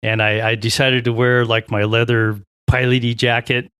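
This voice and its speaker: A man, a pilot and podcast guest, telling a long story in a casual, animated way, acting out the voices of others and often restarting his sentences. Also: medium pitch, moderate pace, clear, resonant tone, dry recording, studio quality. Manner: animated, acts out quoted voices, frequent restarts.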